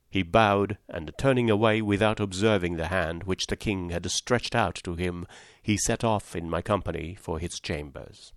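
Man, audiobook narrator, measured, low voice, dry close mic. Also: no echo. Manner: measured, storytelling. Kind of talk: scripted narration.

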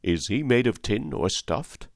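A man's voice: medium pitch, animated, a little slow, gravelly, dry recording, studio quality, pitched above the performer's own voice. A man voicing a big, sad, cowardly lion in an audiobook reading, apologetic in manner.

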